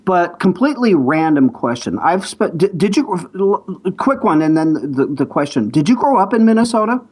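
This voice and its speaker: A male host with a fairly high, lively voice that moves around a lot. He interviews a guest in a halting way and keeps restarting his questions. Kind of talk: podcast interview.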